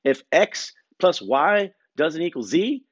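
A man's voice: a little high, very animated, slow, no room sound, muffled recording. A man in his forties hosting a podcast, talking in a casual, profane, meandering way and poking fun at himself. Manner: profane, meandering, self-mocking. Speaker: podcast host. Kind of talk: casual rambling monologue.

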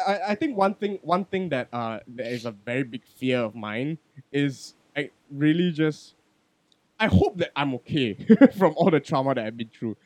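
A man, a podcast guest talking candidly and with plenty of swearing, moving from quiet reflection into loud, animated storytelling. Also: mid-range voice, moderate pace, dry recording. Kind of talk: casual podcast chat.

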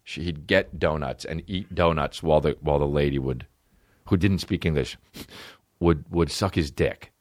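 A man's voice: extremely low pitch, moderate pace, a little mellow, dry recording, clean studio sound. A young man co-hosting a casual comedy podcast, reading personal ads aloud and mocking them in a crude, incredulous way. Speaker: podcast co-host.

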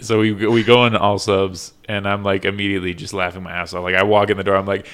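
A man's voice: fairly low pitch, level tone, fast, a bit bright, clean tone. A young man in casual chat, laid-back and laughing often as he tells a story.

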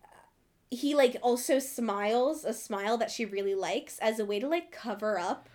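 A woman's voice: on the high side, moderate pace, darkish tone. A young woman in a casual book chat, talking animatedly with laughs and swearing. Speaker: co-host.

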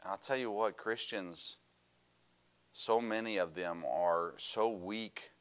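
A middle-aged man delivers a sermon in a low voice. He preaches in an animated way, telling stories with a laugh and swinging between loud emphasis and quiet asides. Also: slow pace, clear, resonant tone.

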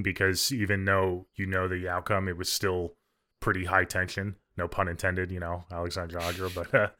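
A man co-hosting a podcast in casual chat, measured and thoughtful with a dry sense of humor. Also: low-pitched, bright, forceful tone. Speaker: podcast co-host.

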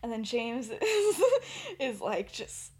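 A woman's voice: on the high side, very animated, slow pace, a little mellow, husky. A young woman co-hosting a podcast, retelling a story in casual chat, giggly and full of filler words.

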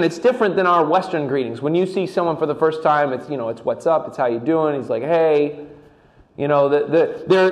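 A male pastor delivers a sermon with a slightly high-pitched voice. He often repeats himself and restarts phrases, and he slows down to lean on key words.

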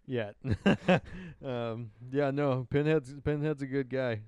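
A man in his late twenties talks loosely in a casual podcast chat, trailing into filler words and laughing often. His voice is smooth and resonant, recorded dry and close with no room sound. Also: mid-range voice, slow pace, a little mellow, no echo. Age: late 20s. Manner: laughing, rambling with many fillers.

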